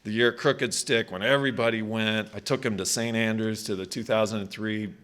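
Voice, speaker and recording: A man in his sixties with a fairly low voice gives a relaxed, conversational acceptance speech. He tells personal stories, restarting phrases and trailing off as he goes. He is speaking at a country club event. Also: fairly quick. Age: 60s. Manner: conversational, with frequent restarts and fillers. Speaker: hall of fame inductee.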